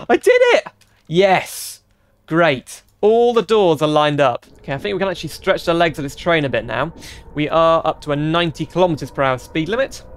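A man giving let's-play commentary as he drives a train in a game, chatty and thinking aloud, with bursts of excited exclamations. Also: on the high side, smooth. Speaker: gaming channel host.

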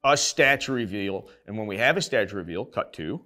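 A man's voice: on the low side, brisk, a little hiss or hum. A young man hosting a sports show, ranting in a rowdy, rambling, comedic way and swearing freely. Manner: profane, excitable, rambling. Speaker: show host.

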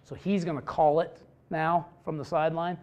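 Football coach guy talking defense, blunt and jokey, kinda high voice for a man. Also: normal speed, highs cut off. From Idaho, USA. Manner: blunt, joking, animated storytelling. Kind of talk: coaching clinic talk.

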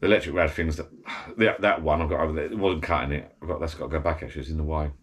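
Sitting in his small garden shed bar, a slightly tipsy middle-aged vlogger rambles casually to camera in a very deep, husky voice that stays steady while racing along. He's chatty and keeps breaking off his own sentences.

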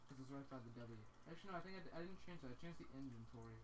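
A man's voice: mid-range voice, animated, racing, slight background noise, low-quality recording. A man chatting and joking while playing a block-building game with a friend, playfully dramatic. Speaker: let's play gamer. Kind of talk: casual gaming chat.

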